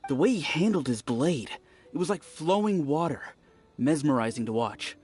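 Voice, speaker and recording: A man's voice: fairly high pitch, normal speed, soft background music, close to an everyday voice. An actor playing a friendly, talkative young villager in a video game, eagerly recounting what he saw. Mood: chatty. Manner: chatty, animated storytelling.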